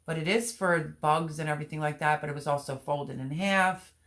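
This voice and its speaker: A woman with a fairly low voice hosts a relaxed live stream. She chats and rambles, holds up seed packets while she talks, and reads viewer comments aloud to answer them. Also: brisk. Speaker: gardening channel host. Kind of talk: casual live-stream chat.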